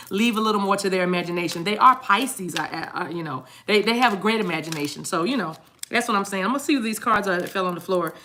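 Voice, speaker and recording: A woman's voice: mid-range voice, sharp tone, a little hiss or hum. A middle-aged woman hosting a casual livestream reading, chatting playfully with viewers, laughing often and breaking into bits of song. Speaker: tarot reader hosting a livestream.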